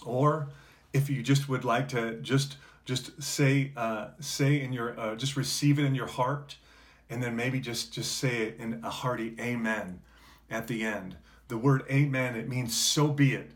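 Male pastor preaching, earnest, lots of uhs and restarts, swings from loud to soft. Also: medium pitch. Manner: earnest preaching with many fillers and restarts, rising to emphatic peaks. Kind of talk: sermon.

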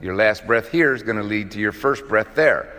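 A man's voice: fairly low pitch, normal speed, fairly bright tone. A man preaching a casual sermon, telling the story in a folksy, conversational way with plenty of fillers. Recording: echoey hall with long reverb.

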